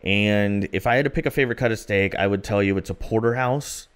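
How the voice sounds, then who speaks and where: A man's voice: fairly low pitch, fairly quick, smooth. A man co-hosting a podcast, chatting casually and telling rambling stories with plenty of fillers. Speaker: podcast co-host.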